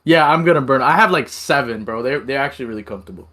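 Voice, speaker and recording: A man's voice: medium pitch, animated, fast, fairly bright tone. A young man co-hosting a podcast in casual chat, reacting and egging on the storyteller. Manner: reactive, laughing along, egging on. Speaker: podcast co-host.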